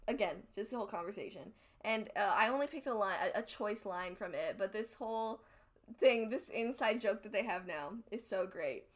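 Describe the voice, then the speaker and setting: A woman's voice: medium pitch, animated, normal speed. A woman co-hosting a podcast, chatting casually, giggling often and swearing freely. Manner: giggly, reads quotes aloud, swears casually. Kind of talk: casual chat.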